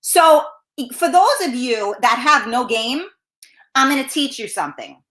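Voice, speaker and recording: A high-pitched woman talk-show host rants in a blunt, profanity-laced monologue. Her bright voice swings widely in pitch. The recording has a roomy echo. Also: expressive, unhurried.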